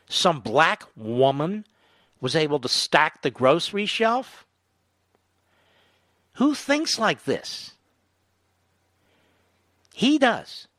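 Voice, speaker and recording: A man's voice: extremely high pitch, dry recording. A man hosting a political talk show, delivering a combative, indignant monologue into a studio mic. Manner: indignant, emphatic, rising to loud outrage.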